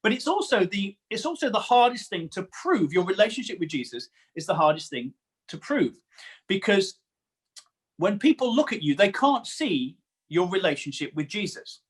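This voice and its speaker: A man's voice: high-pitched, big pitch swings, normal speed, husky. A man preaching a sermon in an earnest way, often repeating words for emphasis.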